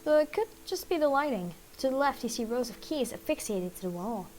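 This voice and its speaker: A woman's voice: sits high, animated, brisk, darkish tone, slight background noise, low-quality recording. A woman streamer reading a text game aloud and thinking through its puzzles in a hesitant, musing way.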